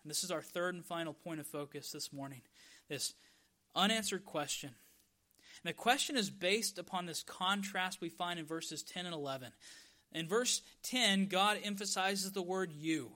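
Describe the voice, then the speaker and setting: A man preaching a sermon as pastor, stressing key words by drawing them out slowly. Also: sits high, sharp tone.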